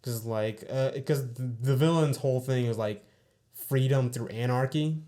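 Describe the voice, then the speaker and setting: Young man, mellow laid-back podcast chat. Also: mid-range voice, moderate pace. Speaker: podcast co-host. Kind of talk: casual chat.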